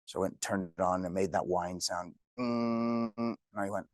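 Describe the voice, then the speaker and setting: A man's voice: sits low, flat delivery, a little fast, no echo, clean studio sound. A man teaching a real estate class, telling joking stories to the room. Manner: jokey, storytelling. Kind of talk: classroom talk.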